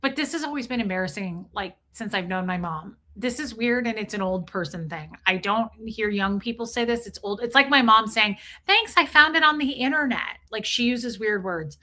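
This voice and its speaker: A young adult woman telling a story in casual livestream chat, chatty and animated, greeting viewers as she goes. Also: mid-range voice, normal speed, hardly any pauses. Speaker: streamer.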